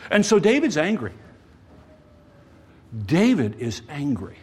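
A male preacher giving a sermon, swinging between loud emphasis and quiet asides and speaking directly to the congregation. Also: a little high, huge pitch swings, takes it slowly, slightly rough.

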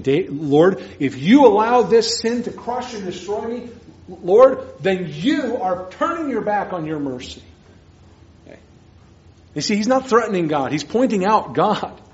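A man preaching a sermon as pastor, earnest, moving between hushed and emphatic lines. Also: on the high side, expressive, normal speed. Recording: dull lo-fi sermon recording.

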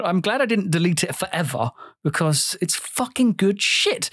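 A man's voice: sits high, animated, moderate pace, hardly any pauses, fairly bright tone, husky, dry recording, clean studio sound. A young man, hosting a casual podcast chat, talking freely with frequent swearing and laughter. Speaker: podcast host.

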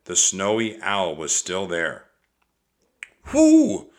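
A man narrating a children's book aloud in a slow, measured, expressive way. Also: lowish voice.

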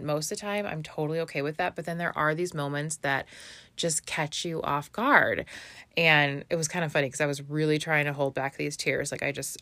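A woman's voice: low voice, pushed and bright, no room sound. A woman in her thirties, a mother, telling a heartfelt personal story in a chatty way, with many fillers and restarts. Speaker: vlogger, mother.

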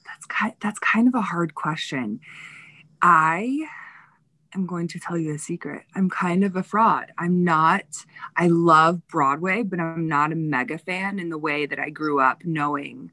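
A woman's voice: fairly low pitch, measured pace, pushed and bright, no echo. A woman telling backstage stories in a casual interview, chatty and full of fillers, getting emotional. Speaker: Broadway dresser.

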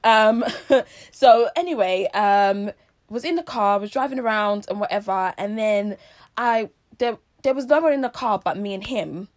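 A woman's voice: mid-range voice, normal speed. A young woman casually telling a story, acting out what people said and laughing often. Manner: animated storyteller, acts out quotes, laughs often.

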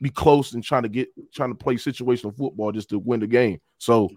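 A man's voice: medium pitch, fairly even intonation, fairly quick, darkish tone, no echo, clean studio sound. A man arguing football picks in a casual sports debate, hesitant and full of repeated filler phrases. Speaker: panelist.

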